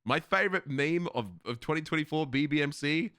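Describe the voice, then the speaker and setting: A man's voice: on the high side, brisk, clear, resonant tone, dry recording, studio quality. A male streamer chatting casually with his viewers, swearing freely and laughing often. He has a slight lisp and slurs his words at times. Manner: animated, profane, laughs often. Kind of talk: casual livestream chat with viewers.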